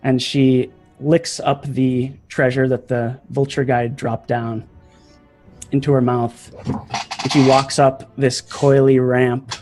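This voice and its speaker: A man at a middling pitch narrates a tabletop game slowly and deliberately. He describes each scene at length, pausing often with fillers, while faint music plays behind him. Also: level tone, a little mellow. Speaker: game master.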